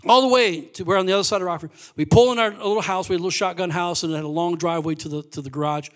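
Pastor, male, high-pitched, animated storyteller, swings between hushed and loud. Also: very fast. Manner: animated testimony, swings from quiet asides to loud exclaims. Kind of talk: sermon storytelling.

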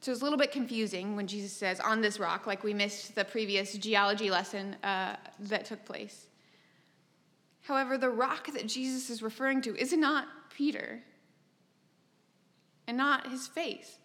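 A woman pastor preaching a sermon, measured and emphatic, with wry asides. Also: fairly high pitch, a bit bright. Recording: long reverb from a large hall.

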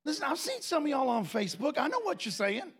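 A male preacher giving a sermon, swinging between quiet, joking asides and shouted proclamations. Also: very high voice, very animated, fast, a little hiss or hum. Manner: folksy, joking, with laughter.

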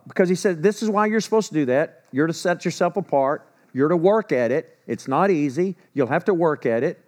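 Male pastor, slightly high voice, animated sermon with sarcastic asides. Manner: animated preaching, drops to quiet asides when telling stories; sarcastic humor.

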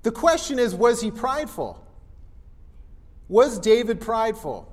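High-voiced man preaching in an echoing hall. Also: unhurried. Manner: conversational, animated, acts out Bible characters. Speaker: pastor. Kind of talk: casual teaching sermon.

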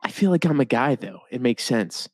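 A man's voice: mid-range voice, lively intonation, normal speed, no echo. A young man co-hosting a podcast, chatting casually with a dry, joking manner. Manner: dry, joking, puts on goofy voices. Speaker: podcast co-host. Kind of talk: casual comedic chat.

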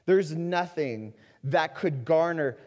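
Earnest male pastor preaching in a reverberant hall. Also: fairly high pitch. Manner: earnest, swings between loud emphasis and quiet slow stretches. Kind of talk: sermon.

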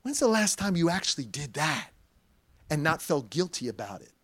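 A male pastor delivering a sermon in a high-pitched voice. He preaches in an animated, conversational way, reading scripture and dropping in playful slang asides. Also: moderate pace, breathy edge.

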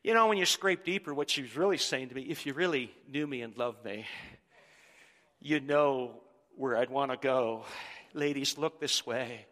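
A middle-aged man preaching a sermon as pastor, animated and joking with the congregation. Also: medium pitch, normal speed, long reverb tail.

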